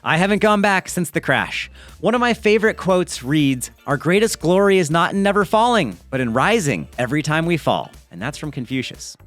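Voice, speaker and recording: Lively chatty man with animated pitch. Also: moderate pace, no echo, soft background music. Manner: lively, chatty, jokey asides. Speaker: mountain bike video host. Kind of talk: reading a viewer's story aloud with commentary.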